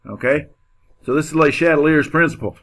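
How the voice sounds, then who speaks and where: A man from the United States gives a chemistry classroom lecture in a relaxed, joking style, full of fillers and restarts. His voice runs fairly high, brisk and somewhat bright.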